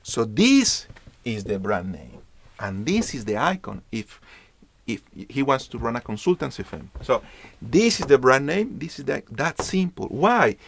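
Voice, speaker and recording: A man's voice: medium pitch, big pitch swings, unhurried, vocal fry, a bit bright. A man giving an online branding lesson. He speaks emphatically, repeats his key points, and acts out little dialogues. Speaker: branding lecturer. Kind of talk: online business class.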